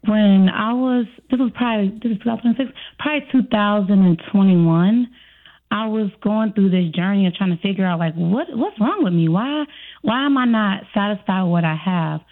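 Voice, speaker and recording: A woman's voice: mid-range voice, normal speed. A woman from Chicago with a slight Chicago accent, a coach answering interview questions and acting out her own inner dialogue. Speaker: self-trust coach, guest. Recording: tinny phone-like line.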